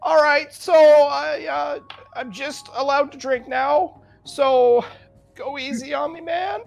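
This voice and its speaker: A man voicing a lazy young man in the style of a cartoon slacker, drawling and high. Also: fairly even intonation, takes it slowly, gravelly, faint music behind, heavily acted. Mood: laid-back. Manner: drawling, laid-back. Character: slow, lazy young male stoner drinker.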